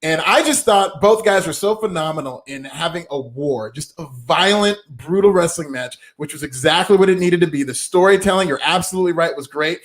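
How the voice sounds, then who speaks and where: Fast-talking, high-voiced emphatic man. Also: a bit bright. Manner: emphatic and opinionated. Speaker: wrestling podcast co-host. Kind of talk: casual review chat.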